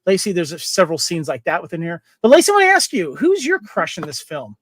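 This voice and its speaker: A chatty man hosts a relaxed movie podcast, his voice sitting high for a man. He reads trivia aloud and laughs easily, and the sound is dry and close with no room around it. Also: fast talker, no room sound. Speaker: podcast host. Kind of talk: casual movie podcast chat.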